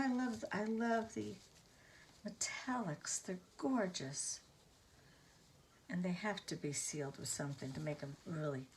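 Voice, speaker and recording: A woman hosting a casual craft tutorial, gushing over her finished pieces with soft exclamations. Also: fairly low pitch, slight background noise.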